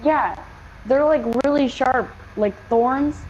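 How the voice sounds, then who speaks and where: Her voice high-pitched but darkish in tone, a young woman takes it slowly as she casually tells a story. She rambles with many fillers and "likes" and swears a lot, recorded as dull lo-fi game-capture audio with slight background noise.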